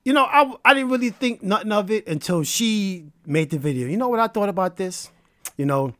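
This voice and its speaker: A man hosting a podcast, telling a story in a casual, animated and preachy way. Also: high voice, fairly quick, no room sound. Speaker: podcast host.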